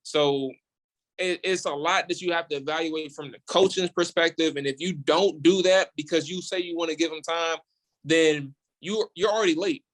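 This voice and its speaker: A man appearing as a guest on a sports radio show, animated and opinionated, who repeats words as he builds his case. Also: fairly high pitch, moderate pace. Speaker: podcast host, guest on the show. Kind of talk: casual sports radio talk.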